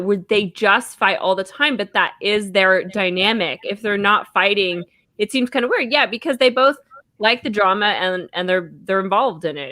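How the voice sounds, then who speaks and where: A woman's voice: medium pitch, sharp tone, no echo, studio quality. A woman co-hosting a podcast in casual chat, reading listener letters aloud and laughing often. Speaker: podcast co-host.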